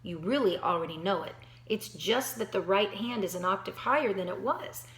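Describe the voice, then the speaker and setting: A woman's voice: medium pitch, expressive, normal speed, a bit bright, slight background noise. A woman giving a piano lesson, talking straight to her student in an encouraging way, thinking aloud and counting beats. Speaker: piano teacher. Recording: roomy echo.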